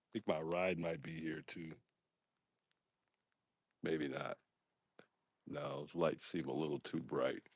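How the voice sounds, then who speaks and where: A man's voice: extremely low pitch, little pitch movement, slow pace, long pauses, husky, dry recording. A man hosting a casual livestream outdoors at night, joking and poking fun at himself as he talks straight to his chat. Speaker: livestream host.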